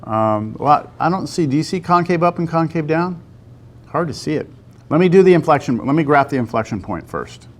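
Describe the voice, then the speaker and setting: A man teaching a calculus lesson to a class. He talks through a graph step by step and keeps pausing to ask the students whether they see it. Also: fairly high pitch, animated. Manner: talks to the class, asks lots of check-in questions. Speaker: math teacher.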